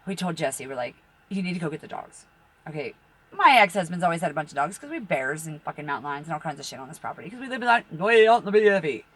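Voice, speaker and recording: A middle-aged woman spins a long, rambling story full of swearing, her fairly low voice leaping up and down as she goes. She laughs at her own bad luck, and dogs bark somewhere behind her. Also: big pitch swings, rapid-fire, breathy edge. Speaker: tarot reader and channel host.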